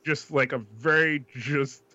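A man from New York chats on a podcast in an emphatic, rambling, profane way. His voice is bright and forceful but comes through a dull, lo-fi mic. The sound is dry, with no room around it. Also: on the high side, steady tone, measured pace, dry recording. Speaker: podcast co-host. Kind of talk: casual chat.

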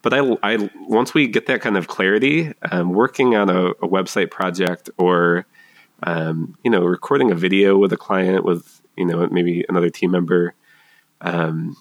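Deep-voiced, thoughtful male guest. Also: no echo. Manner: thoughtful, halting with fillers. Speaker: marketing consultant guest. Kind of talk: casual interview chat.

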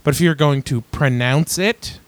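A man's voice: fairly high pitch, normal speed, no room sound. A man co-hosting a podcast in casual chat, explaining his point earnestly, step by step, with frequent ums. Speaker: podcast co-host.

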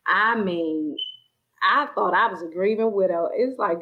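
A woman's voice: medium pitch, a little slow, highs cut off. A woman sharing a personal faith testimony in conversation, acting out her own inner voices as she tells it. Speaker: guest sharing her story.

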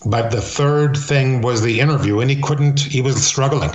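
A man's voice: medium pitch, normal speed. Older man telling stories in a roomy echo. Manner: animated storyteller, slips into impressions. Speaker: interview guest, retired wrestler. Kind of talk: casual storytelling interview.

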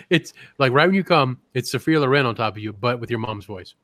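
A man's voice: medium pitch, animated, normal speed, a bit bright, no echo. A man co-hosting a comedy podcast, rambling and crude in casual chat, often breaking into giggles. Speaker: podcast co-host.

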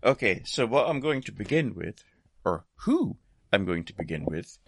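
A man's voice: lowish voice, sing-song, moderate pace, vocal fry, dry recording, clean studio sound. A Scottish man chatting casually on a podcast, laughing often and swearing in a self-deprecating way. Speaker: podcast guest presenter. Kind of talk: casual chat.

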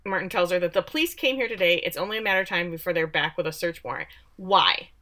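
A woman from Texas co-hosting a podcast, giving a sarcastic, animated recap of a show and acting out the quotes. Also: lowish voice, fast. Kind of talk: casual chat.

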